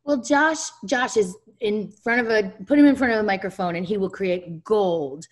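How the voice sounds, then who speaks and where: A woman's voice: medium pitch, normal speed. A woman on a press panel, telling a story in a thoughtful, chatty way. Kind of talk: casual panel chat.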